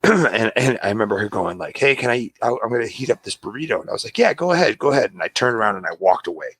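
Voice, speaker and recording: A man's voice: lowish voice, racing, slight background noise. A middle-aged man co-hosting a podcast, telling stories in casual chat and acting out what people said. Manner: animated storyteller, acts out quotes, laughs often. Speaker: podcast co-host.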